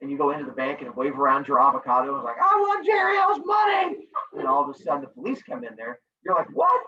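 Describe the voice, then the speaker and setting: A man with a medium-pitched voice talks rapid-fire while teaching a middle school class online, joking with the students and putting on silly voices as he reviews. He's animated and jokey throughout. The video-call audio is echoey, distant and dull, with faint noise underneath.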